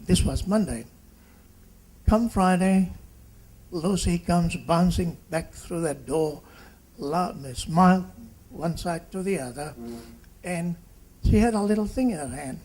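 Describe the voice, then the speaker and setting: A doctor in his seventies, from Fiji, speaks at a reunion in a husky, mellow voice. He talks haltingly, restarting phrases, and he brings the people he quotes to life. His voice sits a bit higher than most men's. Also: rough recording. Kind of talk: reunion speech, storytelling.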